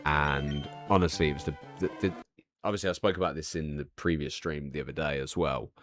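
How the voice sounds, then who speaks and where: A man's voice: extremely low pitch, fairly even intonation, fairly quick, fairly bright tone, faint music behind. A young man chatting casually on a stream, rambling and swearing freely as he tells stories. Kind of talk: casual chat.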